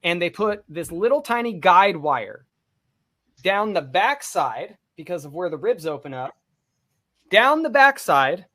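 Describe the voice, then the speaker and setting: A man's voice: high voice, very animated, measured pace, bright, forceful tone. A man co-hosting a podcast, telling a personal story in a casual, profane and vivid way. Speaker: podcast co-host.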